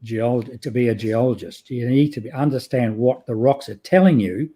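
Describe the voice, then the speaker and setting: A man whose voice is going hoarse, speaking in a relaxed, dark tone. He presses his argument earnestly and emphatically, catching and fixing his own slips as he goes. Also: medium pitch, normal speed. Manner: earnest, emphatic, with frequent self-corrections. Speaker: guest geologist presenting his theory. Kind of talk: prepared presentation, then interview answers.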